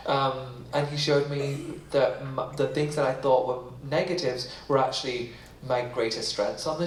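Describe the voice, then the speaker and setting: A man's voice: on the high side, a little hiss or hum. A British man in his thirties telling stories to an audience on stage, chatty and self-mocking, laughing often. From Britain. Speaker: author guest. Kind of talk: storytelling on stage. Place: library event hall with audience. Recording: roomy hall, mic heard from a distance.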